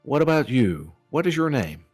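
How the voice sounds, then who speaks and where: A man voicing a warm, radiant middle-aged woman priestess in a put-on Southern American accent, speaking gently and a little preachy. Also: medium pitch, very animated, moderate pace, faint music behind, voice pushed up. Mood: warm welcoming.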